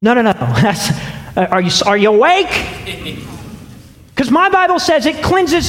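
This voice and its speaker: A pastor preaching a sermon to his church, emphatic and conversational, moving between hushed and raised passages. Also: extremely high pitch, sing-song, moderate pace, pauses often, a little hiss or hum. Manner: conversational asides to the congregation. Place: church sanctuary. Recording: echoey hall with long reverb.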